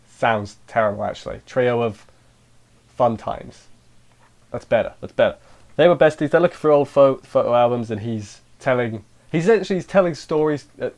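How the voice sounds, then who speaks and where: A man talking through an anime episode in a loose, chatty review at a mid-range pitch. He wanders off into jokey asides and restarts his sentences often, then drifts back to the plot. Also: a little mellow. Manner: rambling, self-interrupting, with jokey asides. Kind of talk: casual spoken review.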